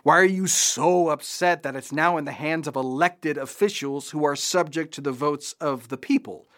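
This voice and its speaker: A man's voice: on the high side, moderate pace, a bit bright. A man hosting a scripted political commentary show, delivering it with sarcastic, mocking asides.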